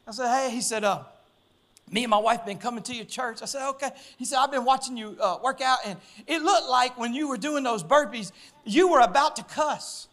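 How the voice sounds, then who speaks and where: A man preaching a sermon, telling stories that build to loud, excited, laughing peaks. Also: high voice, a little fast. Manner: storytelling, gets loud and excited, laughs along. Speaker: pastor.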